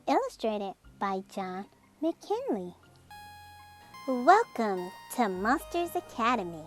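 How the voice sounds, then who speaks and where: A woman reading a children's picture book aloud in an expressive, slow storytelling manner. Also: mid-range voice, soft background music. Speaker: storybook reader.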